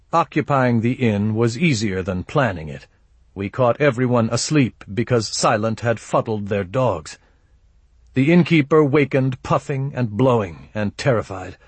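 A man's voice: mid-range voice, animated, unhurried, breathy edge, no echo. A man narrating an audiobook in first person, with a dry, laconic delivery.

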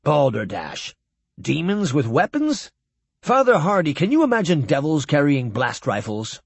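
A man voicing an excitable, curious male scientist who exclaims as he talks. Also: a little high, unhurried, creaky, slightly rough, dry recording, full character voice. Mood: excited.

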